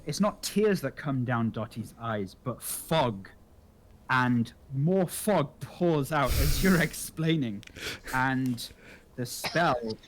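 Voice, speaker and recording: A man's voice: mid-range voice, animated, slow pace, slight background noise. A man narrating as dungeon master for a tabletop game, describing the scene with a laugh in his voice.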